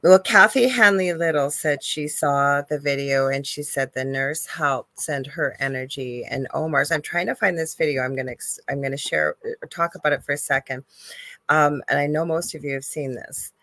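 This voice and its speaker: A woman's voice: low voice, moderate pace, a bit bright, dry recording. A woman co-hosting a live talk show, telling a story with strong emotion and animation. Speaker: co-host. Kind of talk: live call-in chat.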